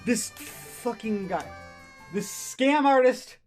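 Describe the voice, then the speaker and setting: A man's voice: very high voice, takes it slowly, faint music behind. A male streamer ranting angrily and profanely, stumbling over his words and restarting. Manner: heated, profane, stammering restarts. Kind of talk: angry ranting commentary.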